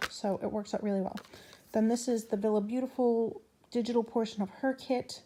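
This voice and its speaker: Chatty woman with a mellow, higher voice. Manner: chatty, rambling with fillers and restarts. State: out of breath and hiccuping. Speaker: planner vlogger. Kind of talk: casual chat.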